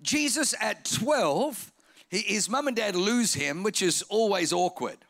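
A man preaching a sermon in an animated, comic way, repeating phrases and acting out voices. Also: high-pitched, unhurried, gravelly.

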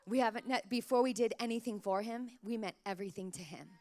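Speaking quickly in a fairly high voice, a woman pastor in her thirties delivers a sermon to mothers. She tells personal stories warmly and chattily, sprinkling in lots of "like" as filler.

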